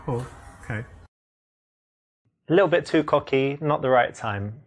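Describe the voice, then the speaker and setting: A man's voice: mid-range voice, measured pace. A man with an English accent, boastful and joking while flirting, who also comments as a dating coach. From England. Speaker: dating coach and game host.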